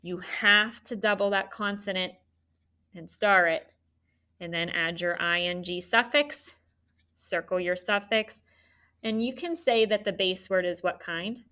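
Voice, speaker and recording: Slow, bright-voiced woman teaching phonics. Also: medium pitch. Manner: slow, clear, encouraging teacher talk with spelled-out letters. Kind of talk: phonics lesson for children.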